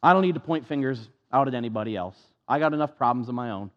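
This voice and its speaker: A man's voice: mid-range voice, lively intonation, quick pace, big-room sound. A man preaching a sermon as pastor, impassioned and repetitive, with a self-deprecating touch, on a dull lo-fi recording.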